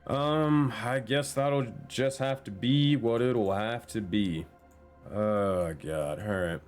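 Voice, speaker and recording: A low-voiced man acting as game master for a streamed tabletop game. He talks in a loose, casual way and swears freely when he is exasperated. He speaks into a desk mic, with faint music underneath. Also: takes it slowly.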